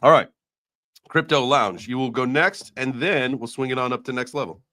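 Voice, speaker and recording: Upbeat bright-voiced male stream host. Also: medium pitch, moderate pace, no echo. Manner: upbeat, reads super chats, thanks viewers. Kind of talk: live stream hosting.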